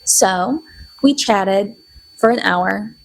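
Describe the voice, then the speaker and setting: A young woman rambling through a casual video diary, chatty and animated, acting out bits of conversations as she tells them. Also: medium pitch, extremely slow, creaky, low-quality recording. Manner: rambling, animated, chatty storytelling with playful quoted voices. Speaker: video diarist. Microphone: camera.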